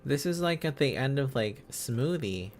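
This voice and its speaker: A man's voice: mid-range voice, animated, a little slow, noisy background. A man streaming casually, thinking aloud as he learns, sounding out syllables and chuckling often.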